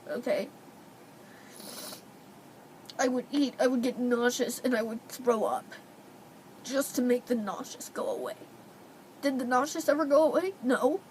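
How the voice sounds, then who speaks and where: A young woman talks into her camera at home, her high voice thick with tears and sniffles. She pleads with her viewers between breaths. A faint hum of the room sits underneath. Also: darkish tone, low-quality recording. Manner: tearful, pleading. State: crying, sniffling. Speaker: vlogger. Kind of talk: emotional personal vlog. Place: indoors at home.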